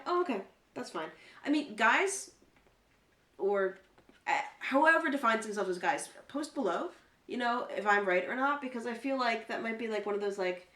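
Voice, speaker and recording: A woman's voice: medium pitch, normal speed, distant mic. Chatty podcast co-host, woman, sits back from the mic in an echoey room. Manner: chatty, swearing, animated retellings. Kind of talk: casual chat.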